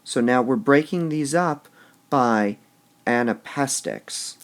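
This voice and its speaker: A man teaching poetic meter in a recorded lesson, slowly sounding out syllables and muttering to himself as he marks the stresses. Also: medium pitch. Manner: slow and deliberate, sounding out stressed syllables, drops to a mutter when writing.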